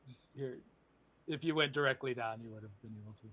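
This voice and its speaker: A man's voice: mid-range voice, quick pace, sharp tone, slight background noise, low-quality recording. A man narrating a tabletop game as dungeon master in a chatty, loose way over a video call. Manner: chatty, loose, many "like" fillers.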